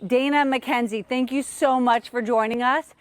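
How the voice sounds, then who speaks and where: Energetic woman coach, high voice, counts drills aloud for kids, a bit winded. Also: normal speed, no echo. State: out of breath. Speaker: tennis coach. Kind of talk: live online kids' workout lesson.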